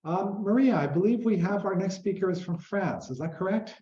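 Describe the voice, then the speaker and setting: A man's voice: high voice, a little fast, dark tone. A man hosting an online conference conversation, chatty and loose with many fillers, over a video call. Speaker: host. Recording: roomy, dull sound.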